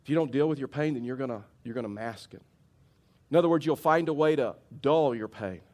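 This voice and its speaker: A man's voice: medium pitch, a little fast. A middle-aged male pastor preaching a sermon, mixing a humorous personal story with earnest teaching. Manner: storytelling, animated when telling the funny part, somber when preaching.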